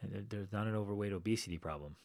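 A man with a fairly low voice tells a personal story on his podcast. He talks casually and keeps slipping into the voices of the people he quotes. The recording is close and dry. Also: fast talker, dry recording. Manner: animated, acts out quoted people. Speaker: podcast host.

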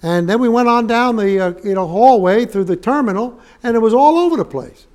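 High-voiced folksy preacher. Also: male voice, expressive, brisk, darkish tone. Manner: folksy, joking, rising to emphatic scripture reading. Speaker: guest preacher. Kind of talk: sermon. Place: church sanctuary.

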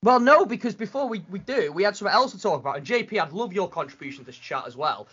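A man's voice: high voice, animated, fast talker, fairly bright tone, breathy edge. A man hosting a running podcast, chatting casually and rambling with many restarts. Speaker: podcast host. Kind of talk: casual chat. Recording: dull lo-fi sound.

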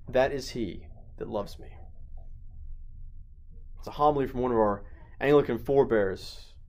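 A man, a parish priest, preaching a sermon and swinging between loud emphatic peaks and soft near-whispered lines. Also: a little high.

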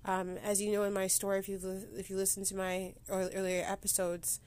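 A woman hosting a personal solo podcast, holding back tears and talking haltingly, with many restarts and pauses. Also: medium pitch, completely flat delivery, darkish tone. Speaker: podcast host. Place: sitting against a board indoors.

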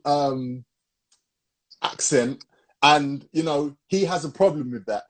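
A man's voice: on the high side, takes it slowly. A young man, co-hosting a casual podcast chat, rambling with restarts and calling people "bro". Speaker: podcast co-host.

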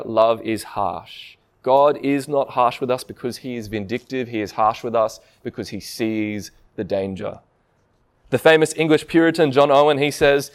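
A man preaching a sermon in a conversational way, often asking the listeners rhetorical questions. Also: mid-range voice.

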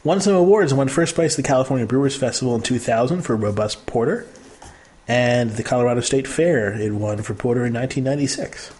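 A man with a middle-pitched voice hosts a casual beer tasting. He jokes around, describes flavors in detail and reads out brewery facts in a relaxed way. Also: quick pace. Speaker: host.

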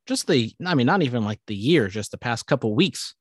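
A man's voice: medium pitch, sing-song, fairly quick, breathy edge, no echo, studio quality. A young man co-hosting a podcast in casual chat, rambling with many restarts and casual swearing. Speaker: podcast co-host.

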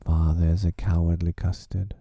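A stubborn, suspicious little boy speaks in a whispered role-play. A man plays him with a low, slow, gravelly hush, close and dry. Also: little pitch movement, dry recording, heavily acted.

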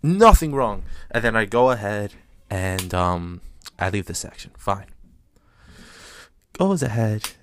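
A man telling a personal story in a casual, animated, rambling way. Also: on the low side, slow, long pauses, slight background noise. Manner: animated, rambling with restarts and fillers.

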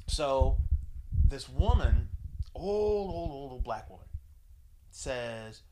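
A man's voice: mid-range voice, very slow, background noise. A man telling a crude, profane story in casual chat, acting out the voices of the people in it. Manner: profane, animated, acts out voices in his anecdotes. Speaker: podcast co-host telling a story.

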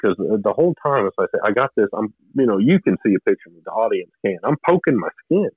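Deep-voiced man on a tinny line. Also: expressive, breathy edge, dry recording. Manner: rambling, halting, earnest storytelling. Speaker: guest telling his story. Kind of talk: personal testimony in conversation. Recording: narrow phone-like line, dry.

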